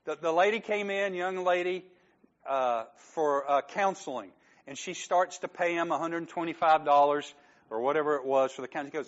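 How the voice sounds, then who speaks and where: A man's voice: a little high, normal speed, dull audio. A man preaching a sermon as pastor, talking conversationally, joking with the congregation and acting out quoted lines.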